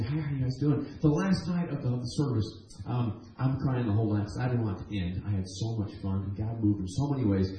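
A guest preacher with a lowish, dark voice gives a testimony sermon in a church sanctuary. He tells his stories with earnest animation and frequent restarts, and the recording carries the echo of the church hall.

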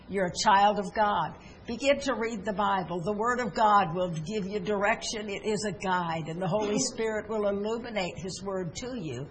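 A woman's voice: medium pitch, a little hiss or hum, low-quality recording. A woman pastor preaching a sermon in a church, earnest and leading a prayer, with many fillers and restarts.

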